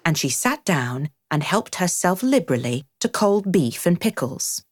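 A woman reading a storybook aloud as narrator, in an expressive way. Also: fairly low pitch, measured pace, no room sound, studio quality.

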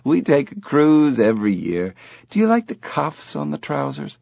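A man's voice: on the high side, big pitch swings, normal speed, vocal fry, a little mellow, dry recording, voice pushed up, exaggerated voice. A man reading an audiobook, voicing an older, well-off woman who brushes off bad news with breezy, chiding remarks.

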